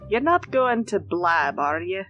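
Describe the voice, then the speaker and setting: A woman's voice: lowish voice, sing-song, measured pace, muffled recording, soft background music. Woman player, giggles often, rambles through in-character stories at a tabletop game. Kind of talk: casual in-character play.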